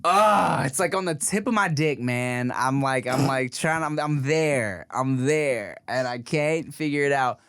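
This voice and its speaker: A man's voice: medium pitch, measured pace, few pauses, a bit bright, clean tone, no room sound. A man hosting a casual podcast chat, rambling, laughing and searching for words. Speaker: podcast host.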